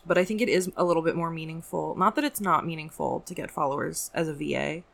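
A woman's voice: deep voice, quick pace, creaky. A woman who writes scripts, chatting casually on a podcast with fillers and easy laughter. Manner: relaxed, filler-heavy, laughs often.

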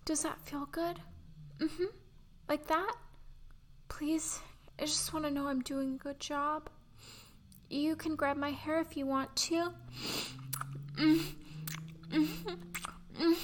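A young woman performing an intimate audio role-play, breathy and pleading with soft giggles. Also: high voice, fairly even intonation, slow, pauses often.

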